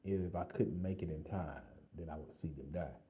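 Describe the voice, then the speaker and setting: A man vlogging, telling a lively personal story in casual slang with frequent laughs. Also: sits low, moderate pace, highs cut off.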